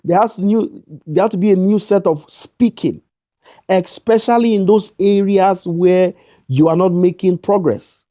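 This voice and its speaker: A man's voice: high-pitched, a little slow, mellow, no room sound, dull audio. Emphatic man giving a motivational talk. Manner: emphatic, repeats key lines. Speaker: guest speaker.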